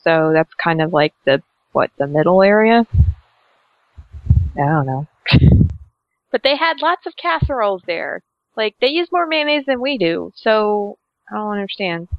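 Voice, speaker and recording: A woman's voice: mid-range voice, sing-song, measured pace, long pauses, dry recording. A woman from South Carolina chatting casually on a podcast, giggly and hesitant, with lots of fillers. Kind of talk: casual chat. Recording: dull lo-fi sound.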